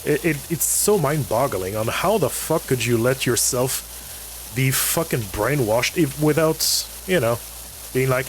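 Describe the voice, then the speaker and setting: A man rants in casual livestream chat, swearing often and padding with fillers. His pitch sits in the middle range. A faint noise runs underneath. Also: a little slow, low-quality recording. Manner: ranting, heavy swearing, many fillers. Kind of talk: casual chat while gaming.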